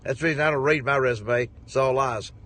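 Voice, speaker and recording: A man's voice: medium pitch, quick pace, fairly bright tone, dry recording. A man, a preacher, telling a rambling, jovial story to his viewers with lots of chuckling. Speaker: preacher and ministry head.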